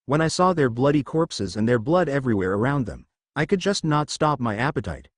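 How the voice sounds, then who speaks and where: A man's voice: mid-range voice, big pitch swings, dry recording, clean studio sound. A man reading a remorseful young blood-drinking woman. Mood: ashamed. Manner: halting, ashamed confession.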